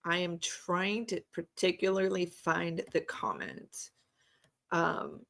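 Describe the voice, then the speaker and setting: A woman giving casual true crime commentary to her viewers. She talks hesitantly with many filler ums, and her voice is slightly hoarse. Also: fairly low pitch, takes it slowly, fairly bright tone.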